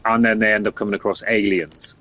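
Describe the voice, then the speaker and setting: Young streamer, lowish voice, loose, rambling, sweary delivery. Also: male voice, flat delivery, brisk, pushed and bright. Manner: rambling, sweary, filler-heavy. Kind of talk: casual chat.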